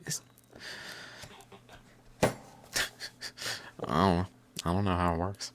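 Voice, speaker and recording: A man's voice: deep voice, little pitch movement, slow pace, pauses often, slight background noise. A man talking to himself in a loose, rambling monologue, swearing and laughing now and then. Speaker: vlogger.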